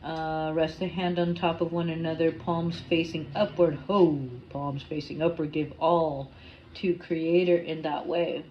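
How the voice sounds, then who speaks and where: A woman reading a tarot card aloud and guiding a ritual, slow and soft, with casual swearing between readings. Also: deep voice, level tone, highs cut off, a little hiss or hum. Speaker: tarot reader.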